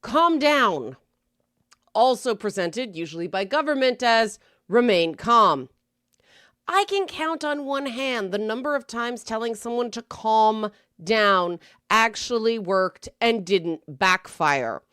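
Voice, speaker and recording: A woman's voice: on the high side, animated, slow, fairly bright tone, smooth, dry recording, studio quality. Blunt, wry woman host. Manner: blunt, wry, emphatic advice-giving. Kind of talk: scripted talk-show commentary.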